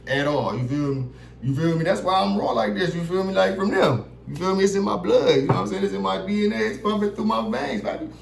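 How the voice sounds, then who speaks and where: A man's voice: high voice, quick pace, vocal fry. A young man casually telling a long, profane story straight to his viewers. He keeps checking in with them and acts out other people's lines as he goes. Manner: profane, animated, keeps asking "you feel me". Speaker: vlogger. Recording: roomy echo with faint background noise.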